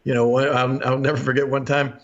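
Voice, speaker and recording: Southern man in his sixties, podcast host, chuckling storyteller with a middle-pitched voice. Dull lo-fi sound. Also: fairly quick. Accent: Southern American. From Memphis, USA. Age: 60s. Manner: chuckles often, animated, acts out quotes. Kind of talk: anecdotal storytelling.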